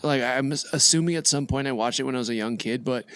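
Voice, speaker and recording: A man's voice: medium pitch, fast, fairly bright tone, clear, resonant tone. A man in his thirties co-hosting a casual podcast, easygoing and joking. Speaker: podcast co-host. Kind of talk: casual chat.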